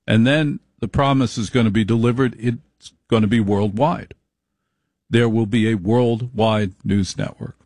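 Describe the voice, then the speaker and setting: A man's voice: on the low side, steady tone, unhurried, darkish tone, dry recording. A man, a radio executive, delivering an emphatic, repetitive, salesman-like speech to station affiliates.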